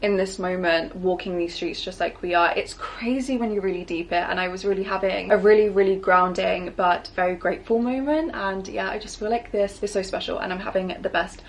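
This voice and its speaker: A woman's voice: mid-range voice, brisk, few pauses. A young woman book vlogger chatting casually to camera, gushing, emotional and grateful. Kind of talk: casual vlog chat to camera.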